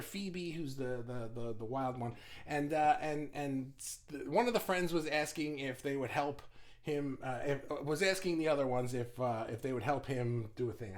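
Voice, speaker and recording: Animated, blunt middle-aged man. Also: a little high. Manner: animated, blunt, swears casually; frequent restarts and stumbles. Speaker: business owner. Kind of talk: casual motivational talk.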